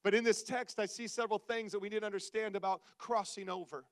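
A man preaching to his congregation, telling self-mocking stories in an animated, conversational way. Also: sits high, fast, no echo. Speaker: pastor. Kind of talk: humorous storytelling sermon. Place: church service before a congregation.

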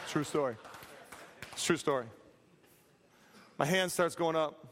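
A man preaching a sermon, telling a story with animated, acted-out quotes and humor. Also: a little high, slight background noise. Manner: animated, acts out quotes, plays for laughs. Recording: reverberant hall.

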